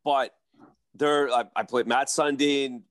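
Rambling former hockey player, dry sound. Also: male voice, mid-range voice, slow, dry recording. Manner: rambling, self-correcting, animated. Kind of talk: casual sports podcast chat.

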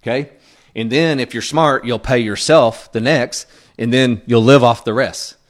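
This pastor's voice sits at a medium pitch, with fairly even intonation and no rush. His sermon is conversational, sincere and plain, punctuated by frequent asides checking in with his listeners in the pews.

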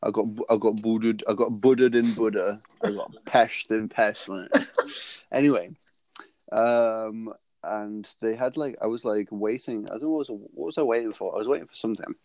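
On a podcast he co-hosts, a man chats casually, telling rambling, jokey stories and laughing often. His voice is on the low side and a little mellow, at normal speed, with no room sound.

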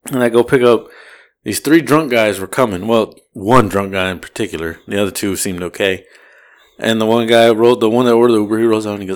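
A man's voice: mid-range voice, a little fast, vocal fry. A man telling a long story on a casual podcast, swearing and acting out the voices of the people in it. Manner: animated, swearing, acts out voices in his story. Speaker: podcast co-host.

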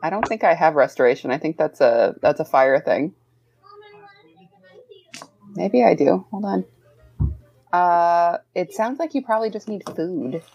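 A woman's voice: fairly low pitch, unhurried, gravelly, long pauses, husky, no room sound, dull audio. A woman playing a tabletop game, talking casually with a giggly manner. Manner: giggly, animated. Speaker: player.

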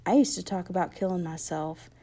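A woman reading aloud, voicing an injured, frightened teenage boy who talks in halting slang. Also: lowish voice, mellow. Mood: scared. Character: scared injured teenage boy, bitter and gentle.

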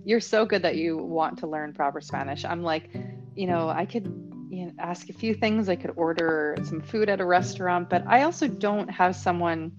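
A woman hosting a podcast, chatting and explaining things in a relaxed way, laughing easily. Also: lowish voice, normal speed, muffled recording, over music. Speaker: podcast host. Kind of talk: casual podcast chat.

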